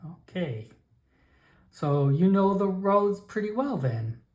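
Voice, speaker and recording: Man doing a wary hobgoblin wanderer, unsure, trips over words, lively pitch. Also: slow, heavily acted. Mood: hesitant. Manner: hesitant, stammering restarts.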